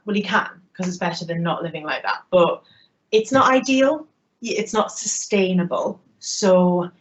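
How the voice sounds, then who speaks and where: Sex: woman. Style: humorous keynote storytelling. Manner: lively, self-mocking. Pitch: mid. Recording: muffled, lo-fi online audio. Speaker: keynote speaker. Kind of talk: humorous personal storytelling talk.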